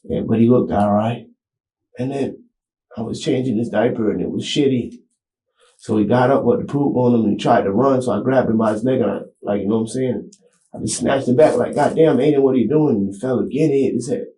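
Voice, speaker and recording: A man being interviewed in a small room, talking in a halting, rambling way full of street slang. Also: medium pitch, dark tone. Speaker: interview subject. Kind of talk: police interrogation recording. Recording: echoey room, camera mic.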